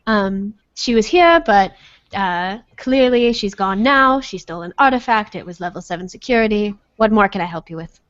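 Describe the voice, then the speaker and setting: A woman's voice: medium pitch, lively intonation, moderate pace, highs cut off, close to an everyday voice. A woman voicing a composed older female professor who speaks formally.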